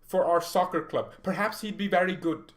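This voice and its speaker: A man doing an impression of a polite German football coach, with stiff, formal phrasing and a voice pitched well above his own. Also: normal speed, lightly acted. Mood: eager.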